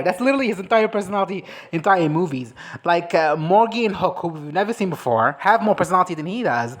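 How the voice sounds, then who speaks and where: A woman chatting casually as a movie reviewer, animated and swearing, breaking into quick impressions of characters. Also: on the low side. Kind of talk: casual reaction chat.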